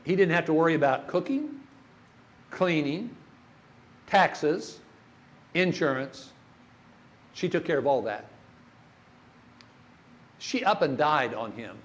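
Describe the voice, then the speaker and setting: A man's voice: on the high side, expressive, slow, long pauses. An older man giving a church workshop talk on grief, folksy and storytelling, asking the audience questions.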